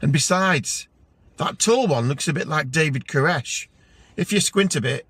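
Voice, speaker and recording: A man's voice: a little high, lively intonation, moderate pace, a bit bright, slightly rough. A man voicing a boisterous, cheeky male pub regular who mocks strangers. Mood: teasing. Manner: mocking, boisterous.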